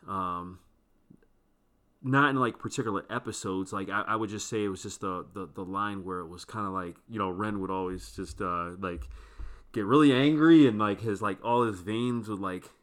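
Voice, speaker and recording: A man talking as a podcast guest in a relaxed, rambling way, full of fillers. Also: on the low side. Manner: loose and rambling, with many fillers. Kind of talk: casual chat.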